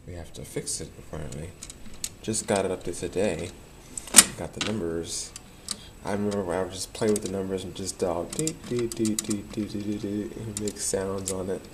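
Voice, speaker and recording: A man's voice: deep voice, heavy background noise. A young man, chatting casually to camera in a rambling, nostalgic way and laughing often. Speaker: vlogger.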